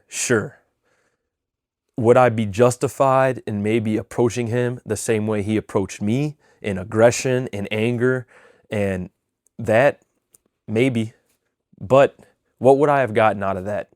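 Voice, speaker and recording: A man's voice: lowish voice, no echo, clean studio sound. A young man giving a casual motivational talk to camera, telling a story earnestly with fillers and restarts. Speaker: vlogger giving weekly motivation.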